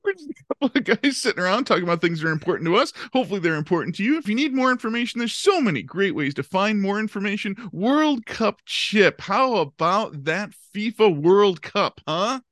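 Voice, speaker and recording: A man's voice: sits high, big pitch swings, fairly quick, hardly any pauses, a bit bright, no echo, clean studio sound. A man hosting a podcast in casual comedic chat, friendly and playful, stammering at times. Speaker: podcast host.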